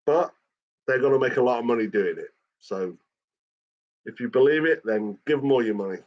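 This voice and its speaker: A man rants through a casual catch-up, cursing in nearly every line. His voice sits at an ordinary middle pitch. The recording sounds dull and lo-fi. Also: animated, moderate pace. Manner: swears constantly, ranting. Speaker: channel host. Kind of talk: casual chat.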